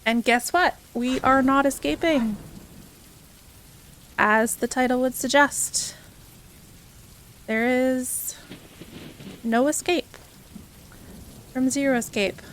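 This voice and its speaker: A woman's voice: high-pitched, slow, long pauses, fairly bright tone, a little hiss or hum. A young woman streaming live, chatting casually and cheerfully with her viewers, greeting them by name and laughing often. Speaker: variety streamer.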